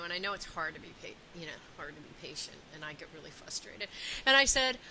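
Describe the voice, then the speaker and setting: A woman's voice: sits low, expressive, quick pace, sharp tone, a little hiss or hum, poor audio. A woman hosting an interview, telling a personal story in a chatty way with many fillers and restarts. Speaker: interview host. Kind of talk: conversational interview.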